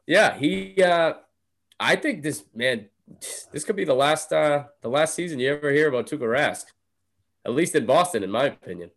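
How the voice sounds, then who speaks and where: A man's voice: fairly high pitch, expressive, normal speed, fairly bright tone. A man co-hosting a casual sports talk show, laying out firm opinions in an argumentative way. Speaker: podcast co-host.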